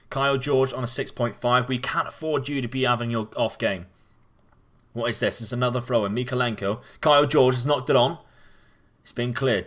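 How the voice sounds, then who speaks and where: A young man, casually commenting as he plays a football management game, chatty and given to sudden loud cheering. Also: mid-range voice. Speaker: gaming commentator.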